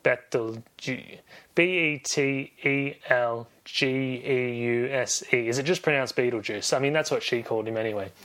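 A man's voice: mid-range voice, moderate pace, hardly any pauses, a bit bright. A man hosting a podcast, recapping a film in a rambling, jokey way and correcting himself as he goes. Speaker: podcast host.

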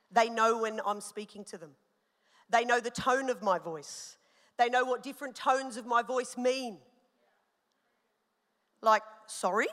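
Bright-voiced woman pastor preaching in a hall. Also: fairly high pitch. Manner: animated, personal storytelling with rising emphasis. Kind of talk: sermon. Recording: long hall reverb.

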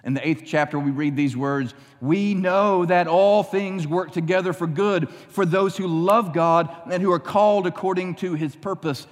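A male pastor preaching a sermon, emphatic at times and quiet and earnest at others, ending in prayer. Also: high voice, moderate pace, hardly any pauses. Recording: long reverb.

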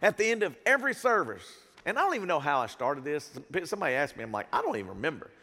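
A man with a bright, high-pitched voice preaches in a church sanctuary, his words trailing into a long hall reverb. He swings between soft, intimate moments and loud bursts and keeps calling out to the congregation for a response. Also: very animated, fast. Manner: calls out to the congregation. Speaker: pastor. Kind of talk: sermon.

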